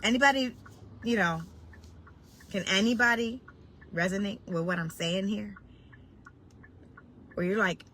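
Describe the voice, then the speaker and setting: A woman preaching with deep emotion, telling a story that builds toward heartfelt cries. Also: measured pace, long pauses, a bit bright, slight background noise, rough recording. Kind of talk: impassioned devotional preaching.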